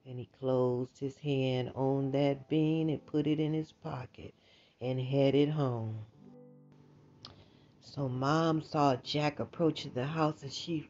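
A woman telling a bedtime story in a low, slow, mellow voice, casual and animated. She talks in a chatty, emphatic way. The recording is dull and lo-fi, with faint music behind her.

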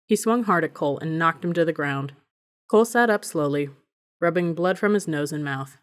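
A woman narrating an audiobook in a measured, even reading voice. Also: deep voice.

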